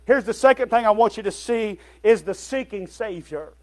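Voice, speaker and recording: A man's voice: high-pitched, normal speed. A male pastor preaching a sermon to his congregation, calling out "Amen?" and "folks" often and sometimes stumbling over his words.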